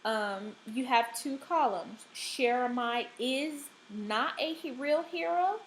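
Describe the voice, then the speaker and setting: A woman teacher giving a recorded reading lesson, speaking deliberately and checking in often with the class. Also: high-pitched, slight background noise, rough recording. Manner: slow, deliberate, checks in with frequent "okay?".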